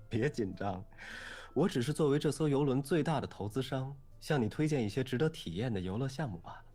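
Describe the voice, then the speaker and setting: A man voicing a suave, teasing wealthy ship investor in a game, speaking with an audible smile in a husky voice. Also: mid-range voice, lively intonation, fairly quick, a little mellow, close to an everyday voice. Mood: smug. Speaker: game voice actor. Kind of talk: game voice acting.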